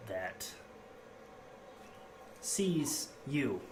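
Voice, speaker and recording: A man's voice: medium pitch, very animated, very slow. A man narrating as game master of a tabletop game, casual and hesitant with fillers. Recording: noisy home recording.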